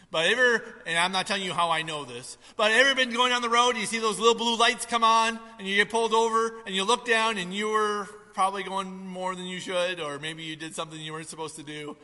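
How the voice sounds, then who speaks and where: A man preaching a sermon to a congregation, swinging between loud emphasis and soft asides. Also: on the high side, in a large hall. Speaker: pastor.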